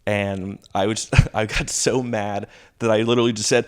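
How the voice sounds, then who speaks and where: A man in his thirties, a stand-up comic and drama teacher, telling stories casually and acting out quotes in a higher pitch. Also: moderate pace, clean tone. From Houston, Texas. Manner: animated storytelling, acting out quotes with a jump in pitch. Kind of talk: casual storytelling.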